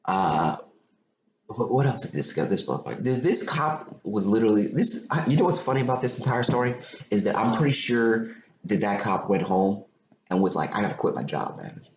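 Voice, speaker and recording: A man's voice: lowish voice, moderate pace. A man hosting a podcast, animatedly retelling a story in casual chat, swearing and repeating himself. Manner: animated, profane, repetitive retelling. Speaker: podcast host. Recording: echoey room with faint noise.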